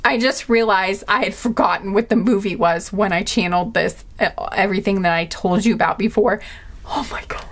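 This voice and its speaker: A woman reading tarot cards to camera in a casual, rambling way, excitable and full of filler words. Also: mid-range voice, brisk, few pauses. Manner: chatty and rambling, with many "like" fillers; excitable, easily amazed. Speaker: tarot card reader and channeler.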